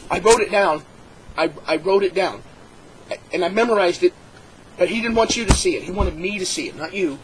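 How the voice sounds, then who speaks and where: A man telling a mock-earnest comic story, stammering and excitable. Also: high-pitched, a little fast, long pauses, noisy background.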